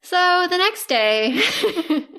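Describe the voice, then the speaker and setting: A woman's voice: very high-pitched, big pitch swings, drawn-out words, pushed and bright. A woman co-hosting a podcast, casually recapping a drama and laughing often as she retells scenes. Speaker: podcast co-host.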